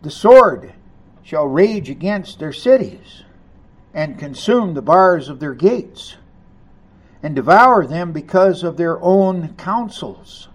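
A man preaching a sermon, reading scripture aloud and commenting on it, rising to loud emphasis on key lines. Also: sits high, animated, slow. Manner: reads scripture aloud and comments between passages.

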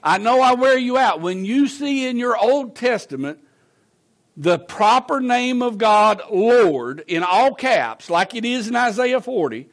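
High-voiced, slow-preaching pastor. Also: male voice, animated. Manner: earnest preaching, swinging between low and raised emphasis; repeats himself in quick conversational asides. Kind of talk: sermon. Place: church sanctuary.

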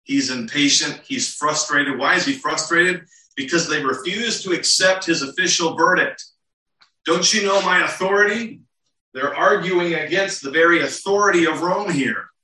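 A man's voice: fairly high pitch, moderate pace, pushed and bright. A man preaching an expository sermon in a church, asking rhetorical questions and acting out the quotes he reads. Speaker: pastor. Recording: echoey room, mic at a distance.

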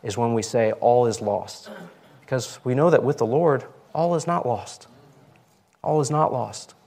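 A man's voice: medium pitch, measured pace, a little mellow. A man preaching a sermon in a church, earnest and conversational, with emphatic asides. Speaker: pastor. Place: church sanctuary.

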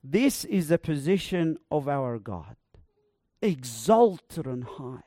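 A male preacher delivers a sermon in a high, unhurried voice. He builds to emphatic proclamations and lingers on repeated words. The sound is dry and close. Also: very animated, dark tone, no echo. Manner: emphatic, rising to proclaim with slow repeated phrases.

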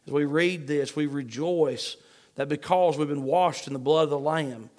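Emphatic preacher, higher voice. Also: male voice, moderate pace, a little mellow. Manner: emphatic, repeats key phrases, southern-style address to congregation. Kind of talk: sermon.

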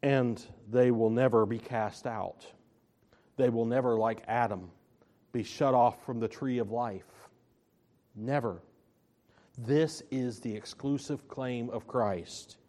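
A man preaching a sermon, slow and emphatic, stressing and repeating his key phrases. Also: medium pitch, warm tone.

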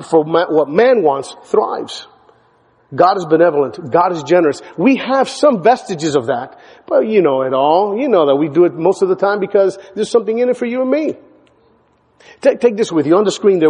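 Emphatic high-voiced preacher, husky and echoing. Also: male voice, expressive, moderate pace. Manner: emphatic, repeats words for stress, rises to near shouting. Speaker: pastor. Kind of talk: sermon. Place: church sanctuary. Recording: church hall with long reverb.

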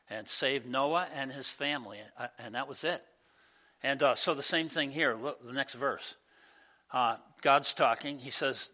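A male pastor giving a conversational sermon in a church, animated and full of asides. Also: mid-range voice, a little slow.

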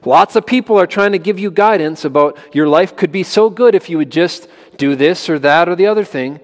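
A man's voice: sits high, brisk. A man preaching a sermon to children in an emphatic way, often putting questions to them. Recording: long reverb of a large hall.

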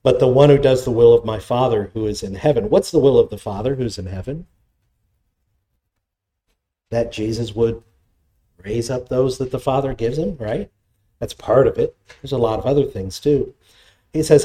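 A man preaching a sermon, with animated delivery and scripture quotations. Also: normal speed. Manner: animated preaching, dramatic pitch swings, reads scripture quotes. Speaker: pastor.

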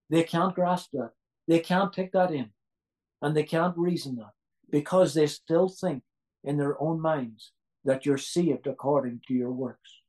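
A man's voice: fairly high pitch, a little mellow, poor audio. A man delivers a sermon in a slightly raised voice. He is earnest and doubles back on key phrases for emphasis. He often turns to his listeners with rhetorical questions. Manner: asks the audience rhetorical questions. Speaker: preacher.

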